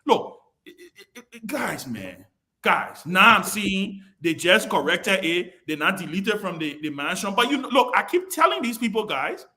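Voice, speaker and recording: A man's voice: high voice, very animated, unhurried, sharp tone. A man chairing a political talk show over a video call, emphatic and scolding, repeating himself for stress.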